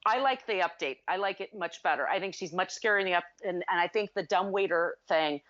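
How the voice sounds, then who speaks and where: A woman's voice: on the low side, a little fast, a bit bright, muffled recording. A woman co-hosting a casual film review chat, retelling plot scenes at length. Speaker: podcast co-host.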